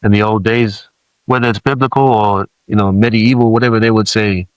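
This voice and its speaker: A low-pitched man from Samoa speaks as a podcast guest, earnest and reflective, circling back and restarting his thoughts. The sound is close and dry, with no room around it. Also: steady tone, a little fast, no room sound, poor audio. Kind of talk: candid podcast conversation.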